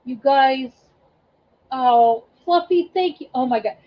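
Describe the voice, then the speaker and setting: A high-voiced woman hosting a livestream, chatting with her viewers in a warm, gushing way. She talks haltingly, full of ums and restarts. The sound is a bit dull and lo-fi. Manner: emotional, effusive, thanks chat by name. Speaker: livestream host and reseller. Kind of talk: casual livestream chat.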